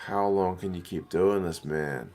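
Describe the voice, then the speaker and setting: Excitable New Zealand man, low voice. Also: a little slow. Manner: excitable, slangy, reads out viewer comments. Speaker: host watching rugby with live chat. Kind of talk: casual live watch-along chat.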